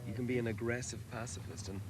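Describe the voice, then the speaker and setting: A man's voice: mid-range voice, steady tone, fast talker. An Irish man, a rock singer, talking reflectively in an interview and telling stories with many restarts. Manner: reflective, anecdotal, with restarts and fillers. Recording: hissy old VHS tape.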